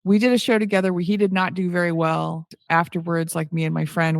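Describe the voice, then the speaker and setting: A woman's voice: fairly low pitch, steady tone, brisk, creaky, few pauses, no room sound, studio quality. A woman co-hosting a podcast in casual chat, telling stories and acting out what people said. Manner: storytelling, acts out quoted people. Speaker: podcast co-host.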